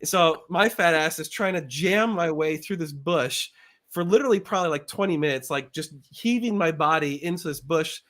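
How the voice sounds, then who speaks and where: A middle-aged man hosting a live show, telling an animated story and acting out the voices in it with big jumps in pitch. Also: moderate pace. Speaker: show host.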